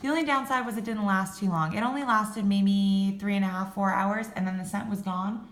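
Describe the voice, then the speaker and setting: A woman's voice: mid-range voice, fairly even intonation, brisk, roomy sound. A woman vlogger chatting casually about home fragrance, swearing now and then and laughing at herself. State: voice cracking. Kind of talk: casual chat.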